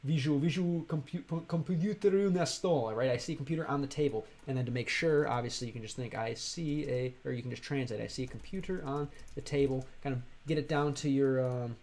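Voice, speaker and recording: A man's voice: medium pitch, a little mellow. Rambling American man streaming casually. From Chicago, USA. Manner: rambling, halting, with many fillers and restarts. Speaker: streamer and language learner. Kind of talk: casual livestream chat.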